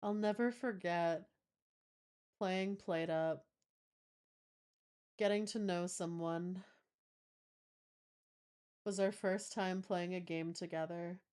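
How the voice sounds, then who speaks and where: A woman's voice: fairly low pitch, steady tone, takes it slowly, long pauses, darkish tone, clear, resonant tone. A young woman livestreamer chatting casually and playfully with her audience, reading their messages aloud with giggly asides. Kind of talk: casual chat with a live stream audience.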